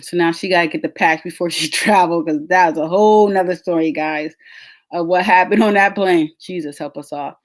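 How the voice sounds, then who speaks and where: A woman's voice: fairly low pitch, fairly quick. A woman, a podcast host telling a story in casual, chatty talk straight to her listeners. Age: 30s. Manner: chatty, addresses listeners as y'all.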